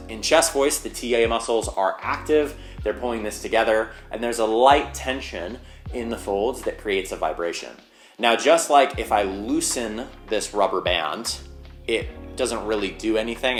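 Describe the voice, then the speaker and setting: A man teaching singing, explaining vocal anatomy step by step and leaning on the word "basically". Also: lowish voice.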